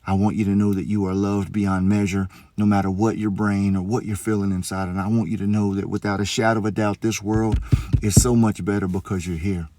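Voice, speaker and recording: A police officer speaking in a heartfelt storytelling monologue, earnest and encouraging. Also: male voice, on the low side, level tone, brisk, warm tone.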